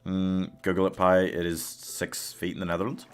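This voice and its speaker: A man's voice: deep voice, monotone, moderate pace, clean tone, soft background music. A man streaming a game live, chatting casually with his chat, laughing often and coaxing his companion along. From United Kingdom.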